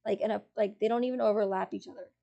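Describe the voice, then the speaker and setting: A woman's voice: medium pitch, fairly even intonation, very fast, gravelly, warm tone, dull audio. A woman streamer chatting casually with her viewers, rambling and giggling, full of fillers and restarts. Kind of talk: casual chat with live chat.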